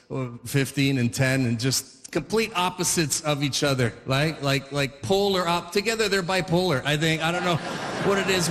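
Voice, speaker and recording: A man's voice: high voice, big-room sound, noisy background. A man in his forties doing stand-up, telling stories in a rambling, stop-start way. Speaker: stand-up comedian. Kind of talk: stand-up comedy.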